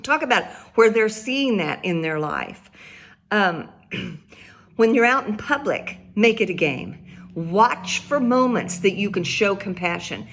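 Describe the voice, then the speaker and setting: Middle-aged mom giving heartfelt parenting tips, casual and earnest, laughs easily. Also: female voice, medium pitch, sing-song, a little slow, fairly bright tone. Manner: earnest, conversational, laughs often, repeats key points. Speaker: parenting speaker. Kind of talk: advice talk to parents.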